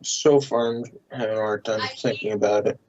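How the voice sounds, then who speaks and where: A man's voice: on the low side, steady tone, a little fast. A young man narrating as game master, casual and swearing freely, on a dull recording with faint noise.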